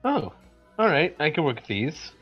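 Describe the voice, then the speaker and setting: A man's voice: fairly high pitch, wildly swooping pitch, normal speed, breathy edge. A man playing in a tabletop game, chatting in a wry, casual way about what his character does, in a muffled lo-fi recording with faint music. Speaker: player. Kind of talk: casual tabletop role-play chat.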